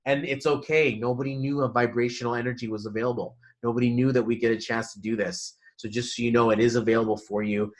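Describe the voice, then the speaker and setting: A man's voice: medium pitch, fairly even intonation, quick pace, few pauses. Effusive man hosting a live numerology stream. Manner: upbeat and effusive, greets viewers by name; spiritual, motivational phrasing. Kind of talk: live-stream chat with viewers, giving readings.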